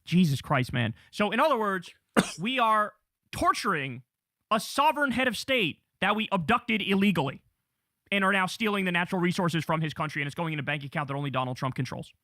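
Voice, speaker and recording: A man's voice: high voice, lively intonation, a little fast, sharp tone, no room sound, clean studio sound. A man hosting a live political news stream, ranting heatedly and swearing as he reads headlines. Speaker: political show host.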